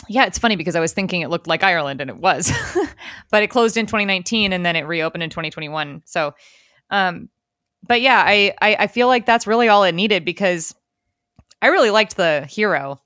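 A young woman co-hosting a casual podcast chat, animated and laughing often, with lots of fillers. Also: lowish voice, moderate pace, no room sound, studio quality. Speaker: podcast co-host.

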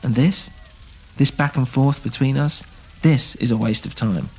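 A man doing a gravelly, earnest young outsider. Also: medium pitch, measured pace. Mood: pleading. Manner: earnest, pleading, rising to defiance. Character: impassioned young man, orphaned village outsider. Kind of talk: scripted audio drama reading.

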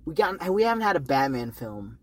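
A man co-hosting a casual film review podcast, excitable and loose, swearing casually and laughing often. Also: a little high, a little fast. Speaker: podcast co-host.

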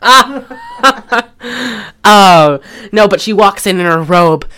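A podcast co-host draws out her words in a medium-pitched voice. She chats casually and animatedly retells a film, laughing often and swearing freely.

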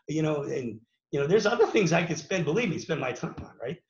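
With a slightly high voice, big pitch swings, vocal fry, and a somewhat quick pace, a man from Pittsburgh, USA recounts his days as a wrestler. His telling is loose and rambling, full of fillers and restarts, in an echoey room with dull lo-fi audio.

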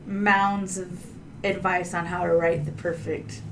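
A woman's voice: lowish voice, level tone, measured pace, a little hiss or hum, rough recording. A woman, a self-published author, giving informative advice in a breezy, casual way. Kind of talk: casual panel discussion.

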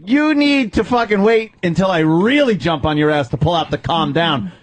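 A man's voice: high-pitched, expressive, normal speed. A man co-hosting a podcast in profane, casual banter who laughs often and chimes in. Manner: laughs a lot, chimes in with agreement. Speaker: podcast co-host.

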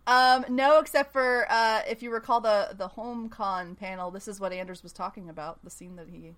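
A woman's voice: mid-range voice, moderate pace, fairly bright tone. A woman co-hosting a casual podcast, wry and blunt, swearing freely and laughing often. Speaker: podcast co-host. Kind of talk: casual chat.

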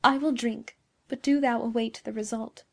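A woman voicing a gentle, doomed young woman in a storybook reading, speaking softly and feebly. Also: a little high, steady tone, unhurried. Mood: pleading. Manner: soft and feeble.

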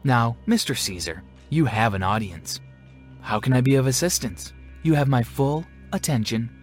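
A man voicing a stern, calm, scheming female school principal who talks in a cold, measured, threatening way, in a storybook reading. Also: medium pitch, faint music behind, lightly acted. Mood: coolly polite.

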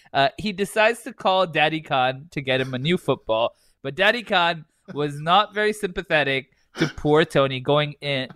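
A man's voice: a little high, bright, forceful tone, dry recording, studio quality. A man co-hosting a podcast, chatting casually and reading aloud while laughing through his lines and swearing. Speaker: podcast co-host.

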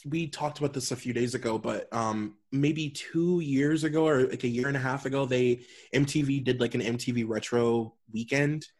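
A man's voice: mid-range voice, steady tone, moderate pace, few pauses, a little mellow. Man, podcast co-host, casual chat, emphatic, swears.

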